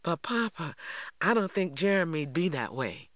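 A man's voice: a little high, big pitch swings, normal speed, fairly bright tone, dry recording, clean studio sound, voice pushed up. A man doing an earnest boy. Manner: earnest, questioning. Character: earnest thoughtful Southern boy.

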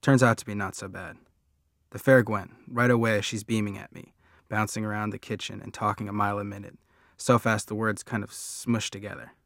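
A man narrates a first-person story with a conversational, wry touch. His voice sits a bit low. The sound is close and dry, like a booth with no room echo. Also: little pitch movement, fairly quick, creaky, fairly bright tone.

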